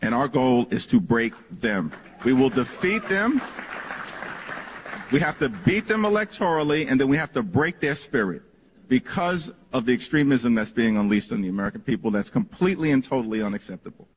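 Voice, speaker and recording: A man's voice: mid-range voice, lively intonation, brisk, breathy edge, some chatter behind. A man making a political statement in a firm, declarative way. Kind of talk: political speech. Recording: clip with long reverb.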